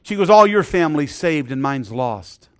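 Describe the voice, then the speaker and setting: A middle-aged male preacher delivers his sermon in a notably high voice. He is earnest, calling for amens, and often sinks to a hushed, softer tone when he tells a personal story. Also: animated, normal speed. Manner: earnest, drops to a hushed voice for stories.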